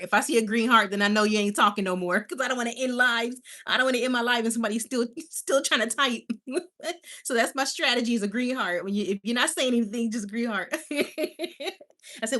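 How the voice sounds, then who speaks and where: A woman's voice: fairly high pitch, a little fast, pushed and bright. A woman hosting a casual livestream, chatty and affectionate, laughing often. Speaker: livestream host.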